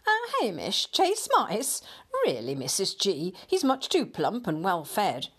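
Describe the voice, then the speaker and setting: A woman's voice: on the low side, very animated, measured pace, husky, full character voice. A woman doing a chuckling, jolly old husband. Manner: chuckling and fond. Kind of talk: storybook reading.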